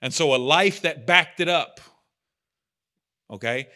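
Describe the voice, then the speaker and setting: A man's voice: on the high side, animated, a little slow, bright, forceful tone. A man speaking as a pastor, giving a casual, rambling sermon with self-deprecating asides.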